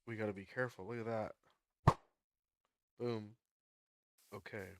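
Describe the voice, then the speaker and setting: A man's voice: fairly low pitch, fairly even intonation, measured pace, heavy background noise. A man chatting casually on a livestream while he plays, laughing often as he tells stories.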